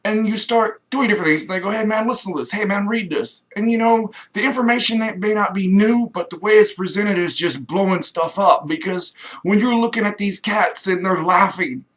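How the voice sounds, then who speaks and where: A middle-aged man from Kansas in a rambling, enthusiastic direct-to-camera pitch, acting out little quoted voices. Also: normal speed, fairly bright tone. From Kansas, USA. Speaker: home business promoter.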